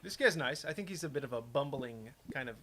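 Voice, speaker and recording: Chatty, lively game developer man. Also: medium pitch, fairly quick, background noise. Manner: rambling, chatty, self-interrupting. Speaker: game developer playing his own game. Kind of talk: casual gameplay commentary.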